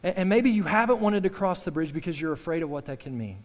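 A man's voice: fairly high pitch, lively intonation, fast talker, long reverb tail. A male pastor preaching a sermon with fervor, repeating key phrases and calling on the congregation to respond. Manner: impassioned preaching with repetition and call-and-response.

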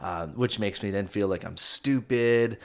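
A middle-aged man with a fairly low voice talks through a personal story on a casual podcast. He is earnest and self-reflective, and he often restarts his sentences. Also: unhurried, vocal fry. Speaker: podcast co-host. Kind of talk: casual faith-based marriage chat.

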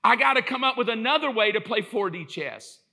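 A man voicing a scheming male devil who talks fast and offhandedly. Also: very high-pitched, animated, creaky, sharp tone, full character voice. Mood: frustrated. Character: scheming male devil, smug then frustrated.

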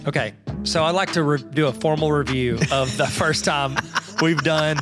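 A man's voice: fairly high pitch, fairly even intonation, normal speed, music in the background. A man co-hosting a podcast in casual chat, joking and teasing his partner and laughing often. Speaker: podcast co-host.

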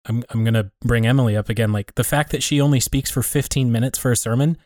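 A man speaks in a reflective, conversational way and stops often to rephrase himself mid-thought. His voice sits in an ordinary middle pitch. The recording is close and dry, with no room sound. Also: fast talker, a little mellow, no room sound.

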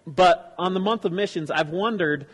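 A man giving loose, casual commentary on video clips, rambling and halting with frequent restarts. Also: sits high, breathy edge, big-room sound. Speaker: speaker reacting to clips.

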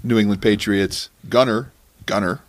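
A man's voice: on the low side, moderate pace. Sarcastic man hosting a podcast. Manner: sarcastic, mocking. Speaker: podcast host. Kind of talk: comedic podcast commentary.

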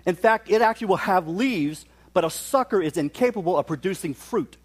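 High-voiced man preaching. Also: expressive, fairly quick, breathy edge. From West Virginia. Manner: folksy storytelling with humor. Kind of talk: sermon.

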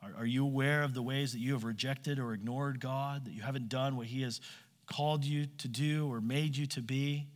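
A man's voice: medium pitch, fairly even intonation, moderate pace. A man preaching a sermon, asking his listeners direct questions and acting out quoted voices. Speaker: pastor. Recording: long hall reverb.

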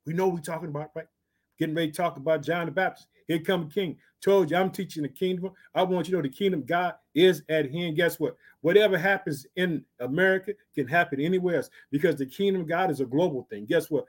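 A man preaching a sermon, reading scripture slowly and emphatically between quick, fired-up commentary that urges listeners on. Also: a little high. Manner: exhorting, repeats catchphrases.

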